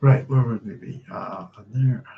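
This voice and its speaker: A man's voice: medium pitch, normal speed, creaky, slightly rough. A man hosting a book club livestream, chatty and apologetic, humming to himself as he searches his notes. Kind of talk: casual livestream chat. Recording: slightly dull lo-fi sound.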